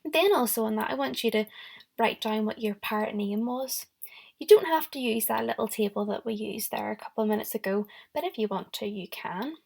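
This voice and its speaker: Gravelly-voiced woman teaching young children. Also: on the high side, fairly quick, darkish tone. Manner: encouraging, talks directly to the children. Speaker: primary school teacher. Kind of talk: recorded lesson for young children.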